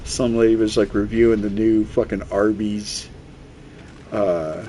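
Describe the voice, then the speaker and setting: A man's voice: lowish voice, steady tone, measured pace, warm tone, slight background noise. A young man streaming a game, rambling through loose, profane stories in casual chat. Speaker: gaming streamer. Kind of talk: casual storytelling chat while gaming.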